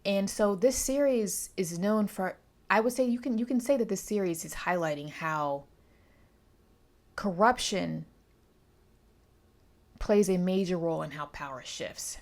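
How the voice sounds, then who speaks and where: A woman's voice: medium pitch, lively intonation, unhurried, long pauses, a little mellow. A woman giving a chatty, digressive book review in a casual vlog.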